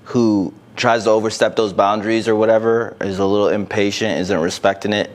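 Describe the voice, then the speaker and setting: A man's voice: fairly low pitch, little pitch movement, a little fast. A man co-hosting a podcast, talking frankly and casually about dating, with the occasional swear word. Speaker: podcast co-host.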